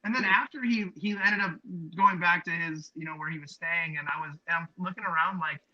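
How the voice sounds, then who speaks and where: A man's voice: a little high, fairly quick, pushed and bright, dull audio, a little hiss or hum. A man co-hosting a podcast, telling a story in casual chat with lots of fillers and restarts. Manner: rambling storyteller, many fillers. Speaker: podcast co-host.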